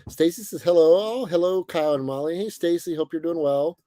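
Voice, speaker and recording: A young man hosting a casual livestream, greeting viewers by name and chatting in a relaxed, friendly way with plenty of fillers. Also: fairly high pitch, fairly quick, dry recording. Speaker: livestream host. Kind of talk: casual chat reading viewer comments. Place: bus, indoors.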